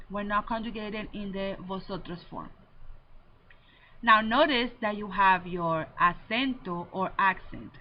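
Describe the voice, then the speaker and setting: Woman teacher drilling verb endings slowly. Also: mid-range voice. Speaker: Spanish teacher. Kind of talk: recorded classroom lesson. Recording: slightly dull lo-fi audio with faint noise.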